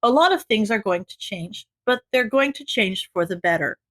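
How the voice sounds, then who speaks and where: A woman reading the part of a kind adult male teacher who soothes a frightened kid in a soft, reassuring way. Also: mid-range voice, lively intonation, normal speed, no echo, natural voice. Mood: soothing.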